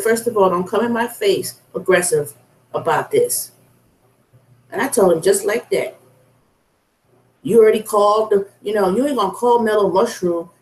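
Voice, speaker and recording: A woman's voice: medium pitch, darkish tone. Blunt ranting woman, roomy echo. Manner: blunt, profane, venting. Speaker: food delivery driver. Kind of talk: casual vlog rant.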